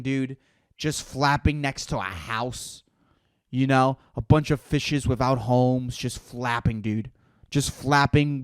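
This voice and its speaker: A man's voice: mid-range voice, no room sound, studio quality. A man hosting a podcast alone, ranting in a profane, exasperated and rambling way. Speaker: podcast host. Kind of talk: solo rant.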